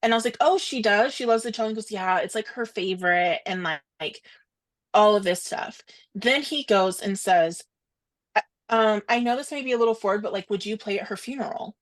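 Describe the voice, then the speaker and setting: A young woman co-hosting a podcast, telling a story in casual chat, animated and quoting others in quick asides. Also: medium pitch. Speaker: podcast co-host.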